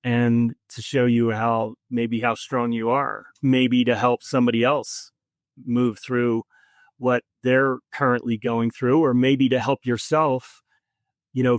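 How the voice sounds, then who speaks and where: A man being interviewed on a podcast, telling a personal story in an earnest, reflective way with many pauses. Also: medium pitch, flat delivery, no echo. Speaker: podcast guest.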